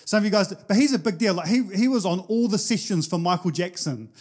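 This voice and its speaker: A man's voice: high-pitched, lively intonation, quick pace, a little mellow. A man with a New Zealand accent, a pastor telling casual stories in a sermon with lots of fillers. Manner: casual anecdotal storytelling, chatty with many fillers.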